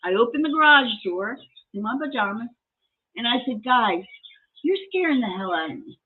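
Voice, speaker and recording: A middle-aged woman hosting a live collectibles sale, chatting casually and telling a story in an animated way. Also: on the high side, normal speed, breathy edge. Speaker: host selling collectibles. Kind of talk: casual sales chat and storytelling. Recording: tinny phone-like audio.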